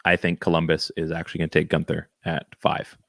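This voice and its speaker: A man co-hosting a podcast, chatting casually about hockey picks with relaxed joking asides. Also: very deep voice, a little fast, creaky, dry recording, clean studio sound. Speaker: podcast co-host. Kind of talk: casual hockey draft chat.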